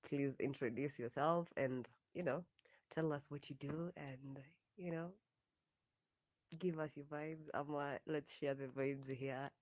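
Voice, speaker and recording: A woman's voice: very deep voice, fairly even intonation, measured pace, darkish tone, no echo. Kenyan woman, podcast host, chatty slang-mixing delivery, dull dry lo-fi recording. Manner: chatty, mixing English and Swahili slang, laughing often. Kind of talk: casual podcast chat.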